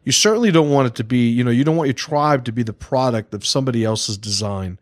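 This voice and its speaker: A man's voice: medium pitch, fast, dry recording, studio quality. A man hosting a casual livestream podcast, rambling, swearing freely and restarting his sentences. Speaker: podcast host.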